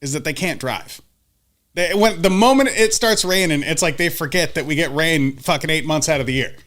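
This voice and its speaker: A man co-hosting a podcast, ranting loudly and swearing in casual banter. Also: fairly high pitch, normal speed. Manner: ranting, loud and profane. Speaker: podcast co-host.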